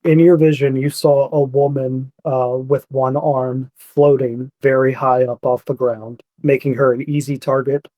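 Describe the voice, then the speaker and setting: A man narrating a tabletop game as dungeon master, voicing the characters he runs in a measured way. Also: medium pitch, level tone, dark tone, no echo, rough recording.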